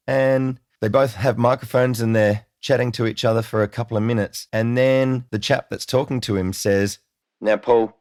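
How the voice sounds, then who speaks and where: A man telling a casual, chatty story to camera, excitable and self-deprecating. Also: mid-range voice, dry recording, clean studio sound. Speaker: music vlogger.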